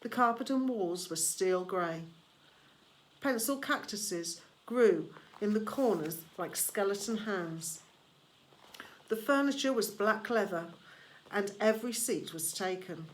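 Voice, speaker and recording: A woman reading a novel aloud in first person, measured and expressive. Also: medium pitch. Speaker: audiobook reader.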